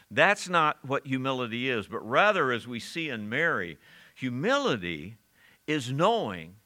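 His mid-range voice swings widely in pitch, unhurried, pushed and bright, as this man preaches. He quizzes the congregation, reads from scripture, and chuckles often throughout.

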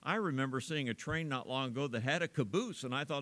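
A man's voice: fairly quick, fairly bright tone. Folksy preacher man, chatty and rambling. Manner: folksy, rambling, chuckles often; stresses small words with big pitch swings. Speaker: pastor. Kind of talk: sermon.

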